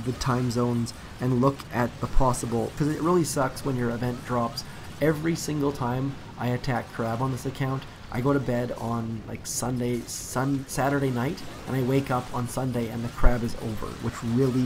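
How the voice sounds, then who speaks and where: A young man rambles through a game live stream in a loose, easygoing way, full of ums and restarts. His voice has a gravelly edge, and a clear layer of noise sits under the recording. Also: medium pitch, normal speed. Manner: rambling, relaxed, many fillers and restarts. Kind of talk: casual live-stream commentary while playing.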